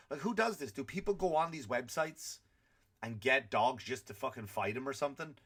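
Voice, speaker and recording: A man's voice: medium pitch, expressive, normal speed, a bit bright, breathy edge. Profane ranting comedy podcast man. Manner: profane, exasperated ranting with acted-out quotes. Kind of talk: comic rant.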